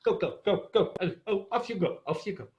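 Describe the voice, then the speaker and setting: A man's voice: high voice, lively intonation, a little fast, darkish tone, lo-fi sound, voice pushed up. A man voicing a flustered farmer's wife, frantic and repeating herself. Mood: bossy.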